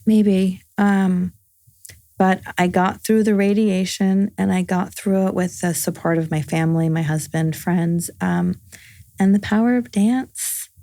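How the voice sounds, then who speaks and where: Gravelly-voiced woman in her forties. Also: mid-range voice, steady tone, unhurried, warm tone, dry recording, studio quality. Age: 40s. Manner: earnest, recounts events with reported dialogue. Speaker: podcast guest. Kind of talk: personal storytelling in casual conversation.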